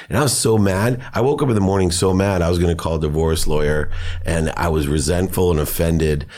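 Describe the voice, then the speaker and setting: Guest spot: middle-aged man, very low voice, earnest storytelling. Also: brisk, darkish tone. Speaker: podcast guest. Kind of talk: personal storytelling.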